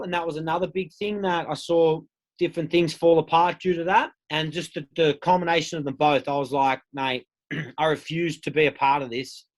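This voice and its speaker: An Australian man in his thirties, a podcast guest telling his own story in a candid, casual way with plenty of swearing. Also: a little high. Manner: candid, swears freely, acts out quoted voices.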